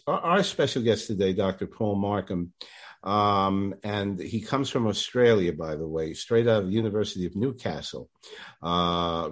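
Male podcast host, lowish voice, halting delivery with lots of fillers. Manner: hesitant, many filler words. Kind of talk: casual podcast interview.

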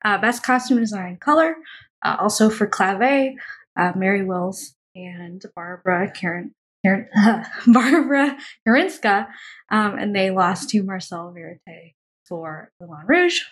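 A woman's voice: mid-range voice, animated, measured pace, low-quality recording. A woman co-hosting a film podcast, reading through nominee lists with frequent ums and uhs. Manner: reads award lists with many ums and uhs. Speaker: podcast co-host. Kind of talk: casual podcast chat.

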